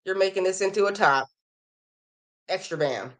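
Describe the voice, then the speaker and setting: A woman's voice: medium pitch, moderate pace. A woman hosting a crochet podcast, chatting casually and enthusiastically as she reads out viewers' emails, her voice a little worn. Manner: chatty and enthusiastic, gushing over viewers' work. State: slightly losing her voice.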